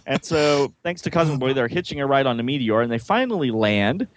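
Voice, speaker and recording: A man's voice: medium pitch, lively intonation, brisk, few pauses. A man casually reading comic-book dialogue aloud, adding joking asides and laughing often.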